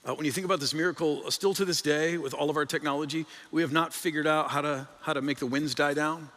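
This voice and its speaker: A man with a bright, forceful voice pitched a little high preaches on a stage microphone. He talks in a conversational way and lifts his pitch and volume sharply to stress a point. The sound rings on in a large church hall. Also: steady tone, quick pace. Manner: conversational, rises in pitch and volume for emphasis, repeats words. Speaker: pastor. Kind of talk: sermon. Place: church sanctuary. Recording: long reverb of a large hall.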